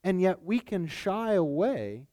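Lively, conversational male preacher. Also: sits high, slow. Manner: conversational, frequent "right?" asides. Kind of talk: sermon.

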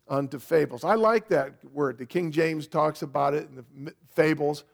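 A man preaching a sermon on a microphone, emphatic and repetitive, with bursts of loud stress. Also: on the high side, normal speed, gravelly, few pauses. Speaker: pastor. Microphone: microphone on a sound system.

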